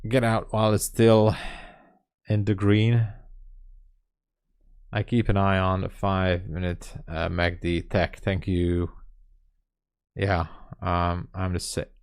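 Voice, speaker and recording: A man hosting a live day trading stream, talking casually and reading chat messages aloud as he thinks out loud. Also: deep voice. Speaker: day trading livestream host.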